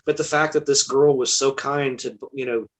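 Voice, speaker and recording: A man's voice: medium pitch, fairly even intonation, moderate pace, low-quality recording. A man, a guest musician, telling a story in casual chat, candid and swearing freely.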